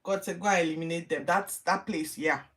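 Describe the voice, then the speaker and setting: A woman's voice: on the low side, a little fast, recorded from a distance. A woman hosting a Bible reading show, retelling scripture casually and acting out the quotes with animation. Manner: animated, acts out quotes in lively voices. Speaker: Bible reading podcast host.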